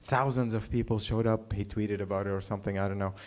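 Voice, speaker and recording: A man from the Middle East doing a stand-up set at a small open mic, halting and dry, full of filler words. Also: fairly low pitch, fairly even intonation, darkish tone. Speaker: stand-up comedian. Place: small live comedy venue.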